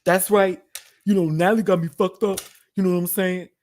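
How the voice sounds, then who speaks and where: A man's voice: sits high, fairly even intonation, a little fast, a little mellow, pitched above the performer's own voice, close to an everyday voice. A man doing a brash swaggering reality-star woman. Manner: swaggering, repetitive slangy talk. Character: brash loud female reality-show star.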